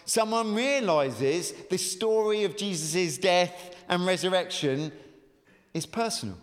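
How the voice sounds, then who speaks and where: Pastor preaching in a reverberant hall. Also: male voice, high-pitched, slow pace. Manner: chatty, animated, many fillers. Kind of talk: sermon.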